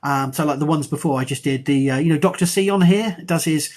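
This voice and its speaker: A middle-aged man, an archaeology professor, chatting on a live stream in a rambling, self-mocking and excitable way. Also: on the high side, brisk. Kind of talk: casual live-stream chat.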